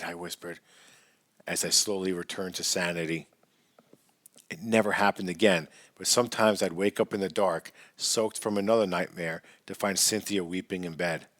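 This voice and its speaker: A man reads a first-person memoir aloud in a measured, earnest storytelling manner. His voice sits low, and he raises it for shouted lines. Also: no room sound. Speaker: audiobook narrator.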